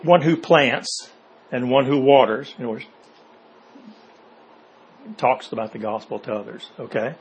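A man's voice: mid-range voice, unhurried, pauses often, a little hiss or hum, rough recording. Man teaching a casual Bible class. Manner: asks rhetorical questions, checks in with "okay?" and "see?"; reads verses aloud, then explains them in plain words.

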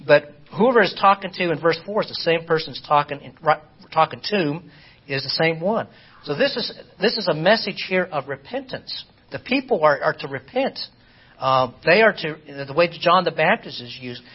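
A man teaching an informal Bible study lesson, halting and repeating words as he asks his class rhetorical questions. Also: a little high, expressive, breathy edge. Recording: dull lo-fi recording.

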